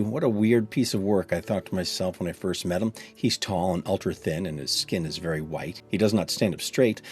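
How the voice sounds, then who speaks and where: A man with a deep voice narrates a children's story in the first person, chatty and kid-like. His delivery swings up and down lively, with faint music underneath.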